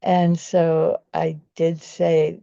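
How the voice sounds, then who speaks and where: A woman's voice: low-pitched, monotone, extremely slow, vocal fry, warm tone, no room sound, highs cut off. A woman and vegan activist telling a personal story in an earnest, rambling way, often restarting her sentences.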